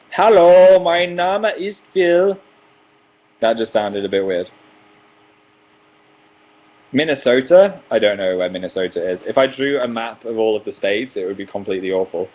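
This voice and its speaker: A man's voice: on the low side, poor audio. A man in his twenties hosting a casual live stream, reading out viewer questions and answering them one by one with playful asides. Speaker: livestream host.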